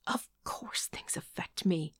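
Hurt, pressing young woman, tense and raised, read by a woman narrator, husky edge. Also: medium pitch, normal speed, darkish tone, dry recording, clean studio sound, pitched above the performer's own voice, lightly acted.

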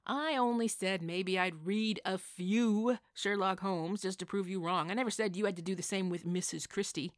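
A woman's voice: fairly low pitch, fairly even intonation, normal speed, few pauses, fairly bright tone, dry recording, studio quality, close to an everyday voice. A woman voicing a huffy, scolding older woman who bickers with her rival in a storybook reading.

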